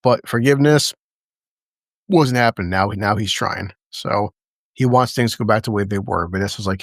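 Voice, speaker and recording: A man hosting a casual review chat, excitable and profane, often acting out lines from scenes. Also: lowish voice, moderate pace, no echo, clean studio sound. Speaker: podcast host.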